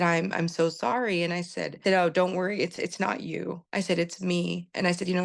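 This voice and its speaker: A woman's voice: lowish voice, creaky. A middle-aged woman telling her own story as a patient in an interview, candid and earnest, retelling conversations with many fillers and restarts.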